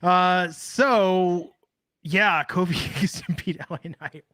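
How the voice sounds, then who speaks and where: Bright, dry-sounding man podcasting. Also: high-pitched, slow, no room sound. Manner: joking, rambling, swears freely. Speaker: podcast co-host. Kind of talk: casual wrestling podcast chat.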